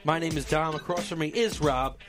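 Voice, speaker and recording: A man hosting a casual podcast, telling animated stories and laughing often. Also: a little high, fairly quick, over music. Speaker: podcast host. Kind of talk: casual storytelling chat.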